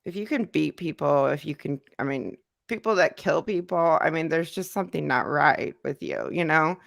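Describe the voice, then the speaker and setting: A woman's voice: sits low, moderate pace, gravelly, fairly bright tone, no room sound, clean studio sound. A woman hosting a casual livestream and reading out chat comments. She is congested from a cold and talks in a loose, repetitive way with many fillers. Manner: conversational, repeats herself, many fillers.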